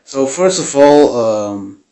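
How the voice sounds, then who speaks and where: A man hosting his first gaming video, giving game tips in a nervous, apologetic way with many halting fillers. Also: mid-range voice, animated, mellow. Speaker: gaming channel host.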